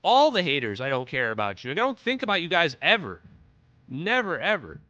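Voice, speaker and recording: Bright-voiced man ranting at chat. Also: on the high side, wildly swooping pitch, fairly quick, muffled recording. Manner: profane, dismissive, talks straight to chat. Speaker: livestream host. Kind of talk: casual livestream rant. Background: synthwave music.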